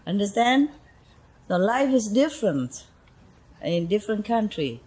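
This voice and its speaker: A woman's voice: mid-range voice, big pitch swings, unhurried, a little mellow, husky, poor audio. A woman spiritual teacher giving an informal talk to her followers, telling stories in a chatty way and laughing often. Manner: chatty storytelling, frequent laughter, asides like "you know".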